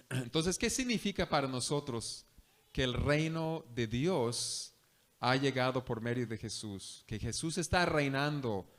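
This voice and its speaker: A man, a missionary preacher, giving an animated sermon that switches between two languages in a church. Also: on the high side. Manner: animated storytelling. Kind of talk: bilingual sermon.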